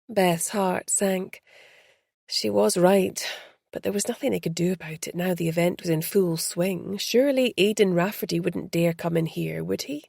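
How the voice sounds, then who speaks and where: A woman narrating an audiobook in an even, measured reading on a close mic. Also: lowish voice, creaky, no room sound.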